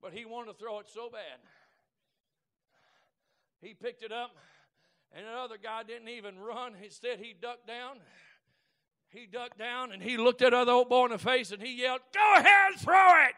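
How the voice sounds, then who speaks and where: A man preaching in a very high, strikingly bright voice. He spins down-home stories and breaks into shouted exhortation. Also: fairly even intonation, moderate pace, long pauses, clear, resonant tone. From Oklahoma. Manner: folksy storytelling that builds to shouted exhortation. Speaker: guest preacher. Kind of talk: Pentecostal preaching.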